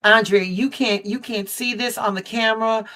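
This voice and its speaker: A woman's voice: on the high side, steady tone, normal speed, sharp tone. Woman tarot reader live-streaming from home, affectionate, emphatic repetition. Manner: affectionate, calls viewer baby and mama; repeats phrases for emphasis. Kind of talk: live-stream card reading. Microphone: basic streaming setup.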